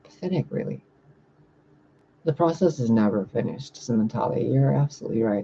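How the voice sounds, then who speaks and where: Blunt, gravelly-voiced man ranting profanely. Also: medium pitch, lively intonation, a little fast, dark tone, dull audio, a little hiss or hum. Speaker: spiritual reader and channeler. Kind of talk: casual livestream rant, reading viewer comments.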